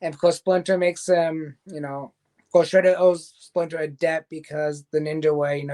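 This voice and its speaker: Brief: male host, higher-pitched, rambling casual episode recap. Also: flat delivery, normal speed. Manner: rambling recap, loose quoting of scenes. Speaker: show host reviewing a cartoon series. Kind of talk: casual review chat.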